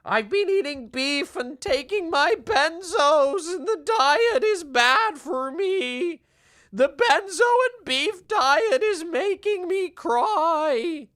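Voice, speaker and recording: A man doing a mocking impression of a weepy older male self-help author, with a tearful quavering sob in his voice and a slow, drawn-out wail. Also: extremely high pitch, expressive, sharp tone, voice pushed up, heavily acted. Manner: slow, drawn-out wailing delivery.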